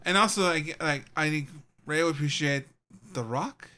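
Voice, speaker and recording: A man with a bright, smooth, slightly high voice talks casually as a podcast co-host. He laughs a lot and trips over his words, circling back as he explains. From Southern California. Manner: laughs often, halting restarts. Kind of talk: casual chat.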